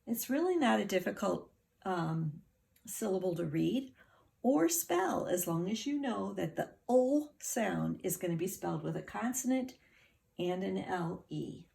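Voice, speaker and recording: Woman teacher, slow and patient, gravelly voice, breaks words into syllables for young learners. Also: mid-range voice, lively intonation, dark tone. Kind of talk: phonics lesson for children.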